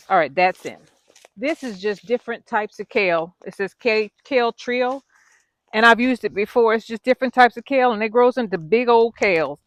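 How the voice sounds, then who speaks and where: A woman's voice: on the high side, normal speed, dry recording. A woman vlogging casually while she works in her garden outdoors, chatty and self-deprecating, out of breath.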